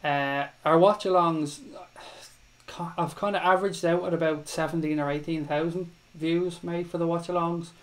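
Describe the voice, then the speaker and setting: A man's voice: on the high side, steady tone, normal speed, fairly bright tone, a little hiss or hum, rough recording. An Irish man hosting a live fan stream, chatting casually with viewers, calling them mate and swearing freely. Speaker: livestream host. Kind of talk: casual live chat reading viewer comments.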